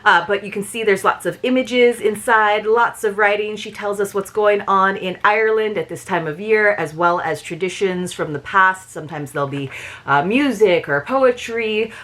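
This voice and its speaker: A woman's voice: mid-range voice, normal speed, fairly bright tone. Chatty woman unboxing a subscription box. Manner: chatty, friendly, many small asides. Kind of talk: casual unboxing review.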